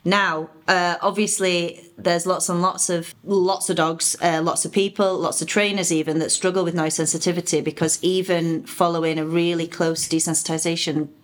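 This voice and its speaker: A woman's voice: lowish voice, level tone, normal speed, hardly any pauses. A woman co-hosting as a dog trainer, explaining training methods thoughtfully and steering the questions. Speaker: dog trainer and podcast co-host. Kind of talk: casual chat.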